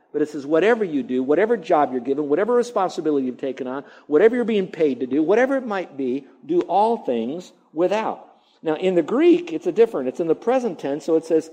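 A man's voice: fairly high pitch, expressive, fast, mellow. A middle-aged male pastor preaching a sermon, stretching out key words for emphasis and mimicking grumbling sounds.

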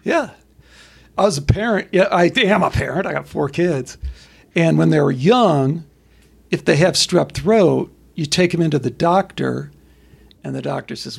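A middle-aged man talking as a podcast guest, blunt and profane, telling stories in an animated way. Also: a little high, unhurried, vocal fry, breathy edge. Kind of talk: casual conversation.

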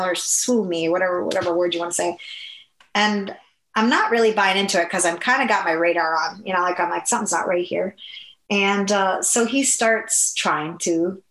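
A woman telling a personal story in a halting, conversational way, with many fillers and restarts. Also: mid-range voice, a bit bright. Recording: echoey room.

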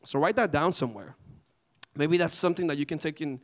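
A man leading a group Bible study in a casual, animated way, often asking the group questions. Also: a little high, fast.

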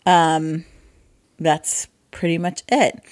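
A woman co-hosting a casual board game podcast, chatty and quick to laugh. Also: sits low, little pitch movement, darkish tone. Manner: chatty, laughs easily, acts out voices in asides. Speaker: podcast co-host.

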